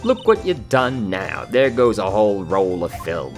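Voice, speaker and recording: A man's voice: fairly low pitch, big pitch swings, unhurried, faint music behind. Brash southern-drawl lady, a guy putting her on, scolding, voice jumping around a lot. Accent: attempted Southern US drawl. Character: loud brash Southern woman photographer.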